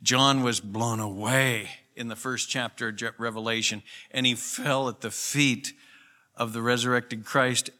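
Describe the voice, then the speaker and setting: A man's voice: medium pitch, steady tone, a little slow, bright, forceful tone. A pastor preaching a sermon in an earnest, conversational way, with emphatic rises in his voice. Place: church.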